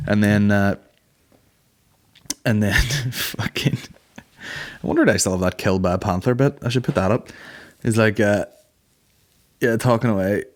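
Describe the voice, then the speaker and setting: Rambling through a monologue on his comedy podcast, a thirtysomething man swears nonstop and cracks himself up. His voice sits on the lower side, and he moves at a moderate pace with long pauses.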